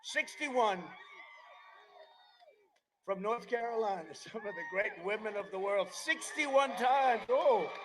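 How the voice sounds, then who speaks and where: This is a man in his seventies speaking at a campaign rally, a politician whose speech rambles and digresses, broken up by mocking asides. He talks slowly in a high voice, leaving long pauses. A crowd and other background noise can be heard behind him.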